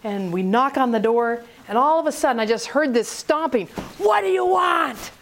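A woman speaking on prayer ministry, telling a story in an animated way and acting out the voices of the people in it. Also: a little high, a little fast, slight background noise. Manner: animated, acts out quoted voices. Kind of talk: storytelling talk.

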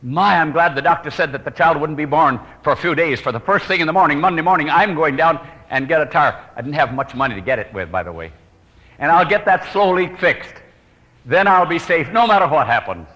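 A man evangelist telling a personal story in an earnest sermon style, his voice dropping to hushed, prayerful tones. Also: on the high side, animated, brisk, long reverb tail.

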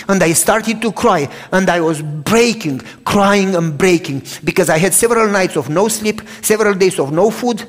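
This man, a preacher from Romania, speaks with a Romanian accent as he preaches a sermon woven with his own testimony. The delivery is dramatic, rising to loud bursts and dropping to quiet narration, and his high-sitting voice trails off into a long reverb tail.

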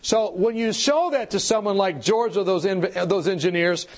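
A man giving an animated church seminar talk, telling stories, acting out the people in them and asking the audience questions. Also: high voice, normal speed. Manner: animated storytelling, acts out quoted people. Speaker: health speaker.

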